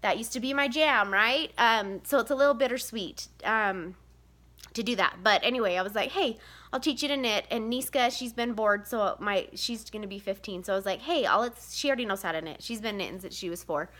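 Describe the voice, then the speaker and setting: A woman's voice: fairly high pitch, fairly quick, fairly bright tone. A woman in her thirties talking candidly to camera about mom guilt, rambling with many fillers. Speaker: vlogger, mother of seven. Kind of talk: casual confessional vlog.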